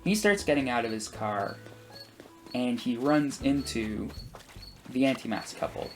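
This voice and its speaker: A man's voice: expressive, unhurried, soft background music. Rambling young man telling a story. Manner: rambling, full of asides and fillers; acts out quoted people with big pitch jumps. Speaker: gameplay commentator. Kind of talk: casual storytelling while playing.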